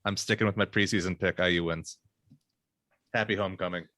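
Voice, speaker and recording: Low-voiced producer reading his picks. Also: fairly even intonation, brisk, fairly bright tone, no echo. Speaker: podcast producer. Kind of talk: casual sports chat.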